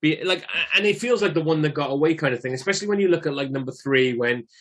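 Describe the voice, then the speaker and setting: A man's voice: fairly high pitch, fast, a bit bright. A man co-hosting a film podcast, trading dry, sweary banter in casual chat. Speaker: podcast co-host.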